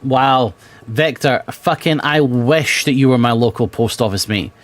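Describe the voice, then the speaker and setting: Brief: chatty British male streamer, sweary, mid-pitched, mutters then bursts out. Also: unhurried. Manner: chatty, sweary, swings from mumbling to excited. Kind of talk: casual gameplay chat.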